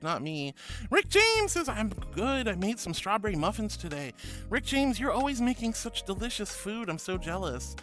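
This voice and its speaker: A man with a notably high voice greets his stream chat one by one, calling everyone sweetie and honey. He plays down every compliment in a goofy, self-deprecating way. Clear background music runs under his voice throughout. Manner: affectionate, calls viewers sweetie and honey. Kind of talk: livestream chat reading. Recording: loud music behind the voice.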